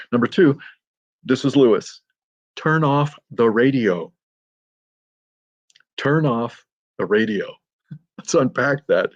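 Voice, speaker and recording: A man teaching young writers in a casual, animated talk, full of fillers and restarts, often chuckling. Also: mid-range voice, breathy edge, dry recording, highs cut off. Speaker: writing teacher at an online summit. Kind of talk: casual spoken lesson.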